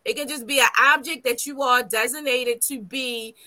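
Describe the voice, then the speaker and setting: A woman's voice: sits high, steady tone, moderate pace, bright, forceful tone. A woman co-hosting a casual talk show, offering encouraging practical advice. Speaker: podcast co-host. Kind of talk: casual chat.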